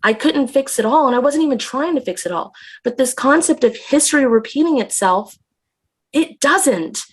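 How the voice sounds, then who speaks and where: A woman's voice: sits high, expressive, moderate pace, slightly rough. A woman talking as a guest on a casual podcast, intense and emphatic, swearing freely.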